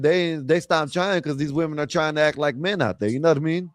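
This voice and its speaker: A man's voice: a little high, fast talker, no room sound. A man hosting a casual panel talk, rambling through his point and checking in with his listeners again and again. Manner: rambling, keeps asking "you know what I mean".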